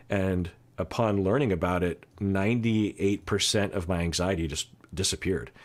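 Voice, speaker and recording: A man calmly and reflectively recalling a personal experience in a played clip. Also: sits low. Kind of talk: personal recollection.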